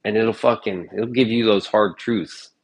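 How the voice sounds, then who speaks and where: A man's voice: fairly low pitch, fairly even intonation, a little slow. A man chatting casually in his kitchen in a vlog, joking and swearing loosely. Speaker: streamer. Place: home kitchen.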